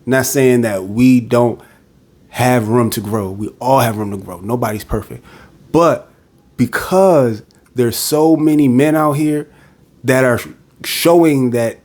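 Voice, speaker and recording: A blunt, direct man vents on his podcast in a casual monologue. His voice is mid-range and darkish, and he speaks slowly, acting out the voices of the people he quotes.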